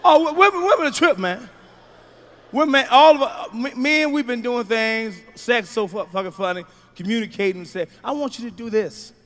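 A middle-aged male stand-up comedian doing a profane routine, swinging from low mutters to loud shouts. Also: normal speed.

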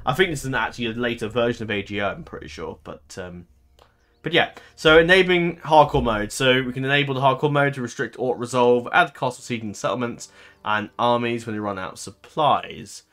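A man's voice: mid-range voice, expressive, fairly quick, a bit bright. A man giving casual commentary over a strategy game. He rambles and fills his talk with ums and self-corrections. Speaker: gaming channel host.

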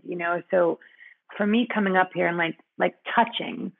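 A woman's voice: on the low side, flat delivery, normal speed, gravelly, phone-quality sound. A woman guest in a conversational interview, speaking frankly with many fillers and frequent laughter.

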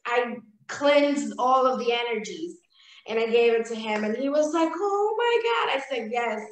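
A woman's voice: a little high, normal speed. A woman sharing in a casual group chat, hesitant and often restarting her sentences. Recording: very echoey, distant from mic.

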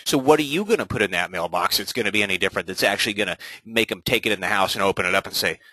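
Bright, forceful man coaching a webinar. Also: fairly low pitch, very fast, no room sound, low-quality recording. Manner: energetic, punchy delivery that keeps asking "right?". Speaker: real estate agent coaching other agents. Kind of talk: recorded sales-training webinar.

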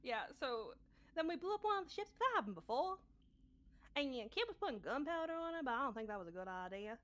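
A high, bright-voiced, scatterbrained adventurer, as a woman puts on a character voice rambles through a recap of a tabletop game. The talk is blunt and forgetful, loses track mid-sentence, and drops casual swears along the way. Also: very animated, quick pace. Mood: rambling.

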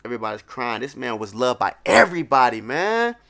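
A man hosting a live reaction video, casual and animated, reading panels aloud and exclaiming as he goes. His voice is bright and forward at a middle pitch. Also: fairly quick, gravelly. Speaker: manga reaction video host.

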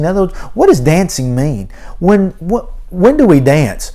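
In a church sanctuary, a male preacher gives an earnest sermon, reading scripture aloud with rising emphasis. His fairly high, expressive voice has a dark tone and moves at a measured pace with few pauses.

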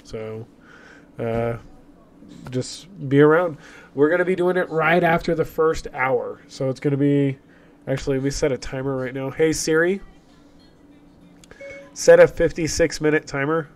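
A man's voice: fairly high pitch, measured pace, pauses often. A man hosting his livestream while sick with a cough, chatting upbeat about giveaways. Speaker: streamer host. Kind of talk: casual livestream chat.

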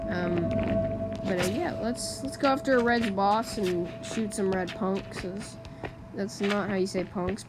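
Chatty woman gamer, loud music behind. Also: mid-range voice. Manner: chatty, excitable, self-interrupting. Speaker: gamer, channel host. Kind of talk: casual gaming commentary. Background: loud game music.

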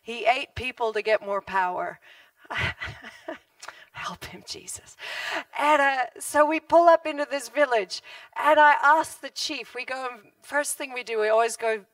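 A woman preaching a sermon in church, telling a story with animated delivery, frequent laughter and acted-out quoted voices. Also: high-pitched, moderate pace, dry recording, far from the mic. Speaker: guest preacher.

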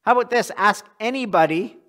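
A man's voice: high-pitched, a little fast, pushed and bright. A male pastor preaching a sermon in a church, earnest and often repeating words as he restarts a thought.

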